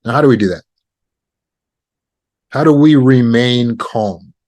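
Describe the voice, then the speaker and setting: A man coaching on trauma recovery, teaching negotiation skills in a calm, measured way with deliberate pauses. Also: mid-range voice.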